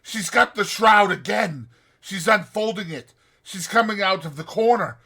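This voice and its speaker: A man's voice: fairly high pitch, expressive, moderate pace, vocal fry, bright, forceful tone, exaggerated voice. A man voicing a terrified, raving dying man who sees a ghost, crying out in frantic pleas. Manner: frantic, pleading cries.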